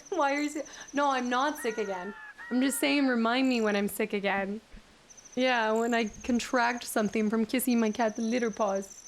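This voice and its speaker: A young woman streaming a game in casual, giggly chat, her voice going a bit hoarse as she keeps clearing her throat and talking to her cat. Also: a little high, slight background noise. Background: game music.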